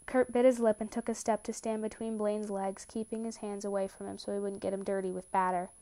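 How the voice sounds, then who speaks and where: Mellow-voiced woman reading a story. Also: medium pitch, level tone, brisk, hardly any pauses. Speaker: reader. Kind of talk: reading fan fiction aloud.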